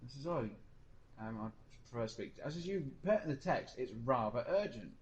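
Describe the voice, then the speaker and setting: While streaming a game, a man chats casually and rambles through a personal story, mimicking other people's lines. His mid-range voice is expressive and fairly quick, and the audio is poor.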